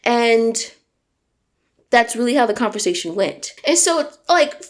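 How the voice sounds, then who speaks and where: A woman in her twenties telling a storytime on her vlog, animated and emphatic, venting with plenty of swearing. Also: fairly high pitch, a little slow. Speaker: vlogger.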